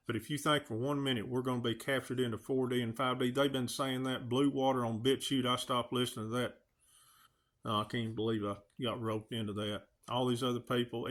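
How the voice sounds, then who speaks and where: A man's voice: mid-range voice, fairly bright tone. A man, ranting earnestly to his channel's viewers, pleading and firing off rhetorical questions. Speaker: video channel host. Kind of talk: emotional direct-to-camera rant.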